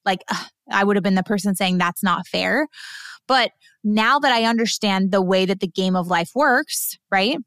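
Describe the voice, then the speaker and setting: A woman in her thirties hosting a podcast, telling a story in a chatty, animated way with lots of fillers and laughter. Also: medium pitch, normal speed, no room sound. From Southern California. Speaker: podcast host. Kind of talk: casual storytelling monologue.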